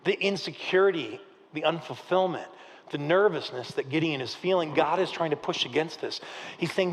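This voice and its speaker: Man, 30s, pastor, high tenor, animated storyteller, long hall reverb. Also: moderate pace. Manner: lively storytelling, acts out quotes, jokes with the congregation. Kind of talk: sermon. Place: church auditorium, live service.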